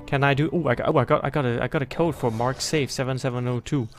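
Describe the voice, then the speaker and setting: A man doing let's play commentary, excitable and self-mocking, yelling and swearing at enemies. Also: medium pitch, quick pace, soft background music. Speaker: gaming video host.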